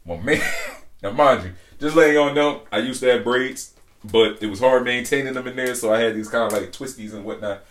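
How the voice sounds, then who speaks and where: A young man co-hosting a podcast, telling a story in a lively, slangy way. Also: mid-range voice, fairly quick, echoey room. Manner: animated storyteller, slangy, keeps saying "you feel me". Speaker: podcast co-host. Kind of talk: casual storytelling chat.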